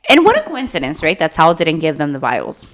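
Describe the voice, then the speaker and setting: A woman's voice: low voice, fairly quick. A woman co-hosting a casual book chat, exasperated and acting out characters as she retells scenes. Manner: lively and exasperated, acts out characters. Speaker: podcast co-host.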